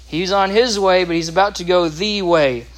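A man's voice: high-pitched, normal speed. A man teaching a Bible lesson, explaining scripture with asides and restarts.

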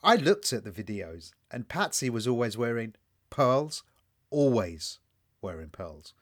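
A man co-hosts a podcast, chatting casually in a medium-pitched voice at a measured pace. He tells stories packed with swearing and quotes people animatedly along the way.

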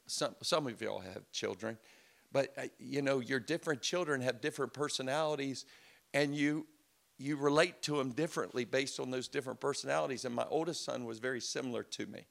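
Brisk and creaky, with a fairly bright tone and medium pitch, a middle-aged pastor delivers a sermon. He tells stories conversationally, laughing and playing out the quoted lines.

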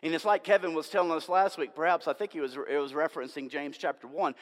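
A man preaches in a church sanctuary, moving from raised, emphatic lines to near-hushed asides. His voice sits a little high for a man. The sound carries a long reverberant tail from the hall. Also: steady tone, fast. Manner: conversational preaching, dynamic swings between loud and hushed. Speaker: pastor. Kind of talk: sermon.

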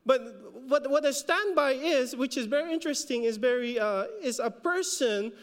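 A man's voice: very high-pitched, moderate pace, clear, resonant tone, big-room sound. A man with a Filipino accent preaching a sermon as a pastor, repeating words for emphasis and rising when he exhorts. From Philippines.

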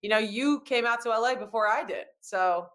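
A woman co-hosting a casual sports podcast, animated and quick with asides, swearing freely as she tells stories. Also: on the high side. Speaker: podcast co-host.

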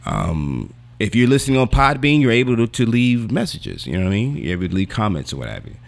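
A man's voice: on the low side, wildly swooping pitch, fast talker, vocal fry. A young man co-hosting a podcast in casual, slangy, rambling chat while losing his voice. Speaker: podcast co-host.

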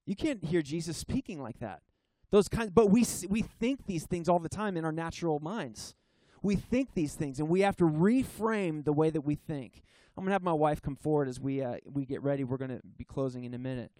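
A man's voice: a little high, warm tone, no echo. Earnest man preaching a sermon. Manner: earnest, emphatic, with halting restarts and slowed key phrases. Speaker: pastor. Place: church service.

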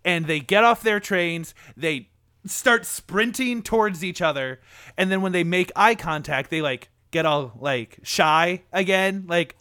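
Bright-voiced young man, dry close mic. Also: sits high, unhurried, clear, resonant tone, no room sound. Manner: enthusiastic, emotional retelling with many "like" fillers. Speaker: podcast co-host. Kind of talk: casual movie discussion.

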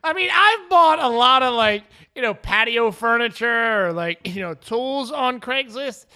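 Man, radio co-host, dry quips, high pitch, bright edge. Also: lively intonation, a little slow, clear, resonant tone. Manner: dry interjecting sidekick, quizzical asides. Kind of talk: comedic radio banter.

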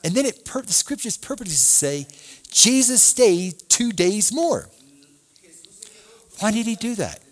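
Male pastor, sermon delivery, animated and expressive, on the higher side. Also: measured pace, long pauses. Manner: animated preaching, reads scripture aloud, asks the congregation questions.

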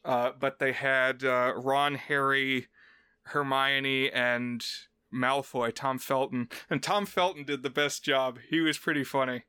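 A man co-hosting a podcast in easy casual chat, his voice bright, forceful and smooth. He talks playfully and slips into short accent impressions, recorded dry and close with no room sound. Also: mid-range voice, steady tone, slow pace, no room sound. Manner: chatty, playful, mimics accents in short bits. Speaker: podcast co-host.

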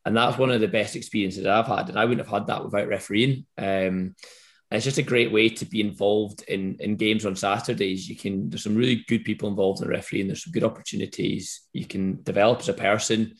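Low-voiced Scottish rugby referee. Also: male voice, fairly quick. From Scotland. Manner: relaxed, rambling, frequent restarts. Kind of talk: casual interview answers.

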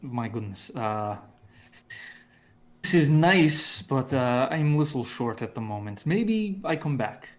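A man's voice: medium pitch, lively intonation, takes it slowly. A young man chatting casually as a player in a tabletop game, easygoing and upbeat.

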